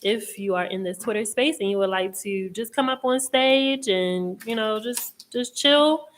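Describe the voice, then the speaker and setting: A woman's voice: mid-range voice, unhurried, a little hiss or hum. A woman hosting a live tarot chat, talking casually in a rambling way, laughing often and swearing freely. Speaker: host and tarot reader.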